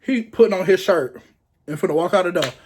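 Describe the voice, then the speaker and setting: A young man casually telling a story to the camera, animated and acting out what people said, laughing often. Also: sits high, fairly quick, a little hiss or hum. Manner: animated, acts out quotes in raised voices, laughs often.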